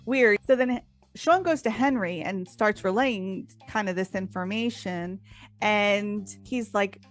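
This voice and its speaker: A woman's voice: medium pitch, slow pace, faint music behind. A woman co-hosting a podcast, chatting casually as she recaps a TV episode and acts out the characters' lines. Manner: animated storytelling, acting out characters' lines. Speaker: podcast co-host.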